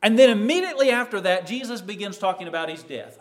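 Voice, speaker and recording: A man preaching a sermon, acting out a disciple's words and swinging from loud to near silence. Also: high voice, expressive, fast. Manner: acts out a disciple's words in quoted asides; rises in loudness and falls to near silence.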